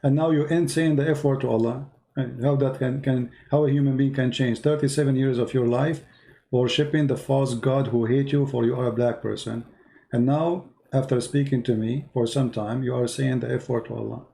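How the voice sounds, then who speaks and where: A man's voice: medium pitch, steady tone, brisk, vocal fry, warm tone. A man hosting a live call-in debate show, talking insistently and repeating his points for emphasis.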